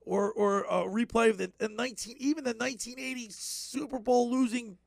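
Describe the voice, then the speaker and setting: A male sports radio host with an unusually high voice and a gravelly rasp. He talks in loose, joking chat and plays up how emotional he gets. The booth sound is dry and close. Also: fairly even intonation, brisk, no echo. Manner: emotional, jokey, self-mocking.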